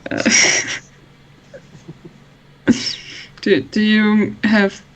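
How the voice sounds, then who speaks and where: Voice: medium pitch, monotone, drawn-out words, dull audio. A player in a tabletop game who talks hesitantly, asking questions with ums and trailing sentences. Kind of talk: casual tabletop play.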